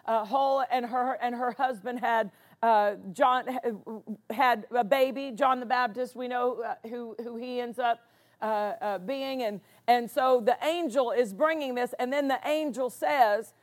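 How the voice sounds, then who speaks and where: A woman's voice: on the high side, unhurried. A woman pastor preaching a sermon, driving points home by repeating words for emphasis.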